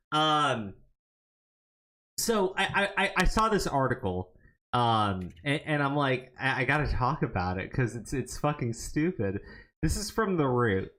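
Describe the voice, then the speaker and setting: A man's voice: mid-range voice, very animated, measured pace, pushed and bright. A man co-hosting a casual livestream, reading tips and an article aloud with angry, profane asides and many stammered restarts. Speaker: podcast co-host.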